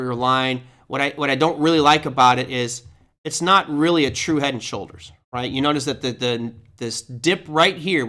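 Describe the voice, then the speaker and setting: Bright-voiced, chatty male trading host. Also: medium pitch. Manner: casual and chatty, talks to viewers as "bro". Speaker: host of a live trading show. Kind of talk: live market commentary.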